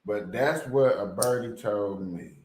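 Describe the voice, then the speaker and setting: A man's voice: on the low side, measured pace, slightly rough. A man hosting a casual, joking commentary show, laughing and riffing. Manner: animated, joking, laughing often. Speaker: host.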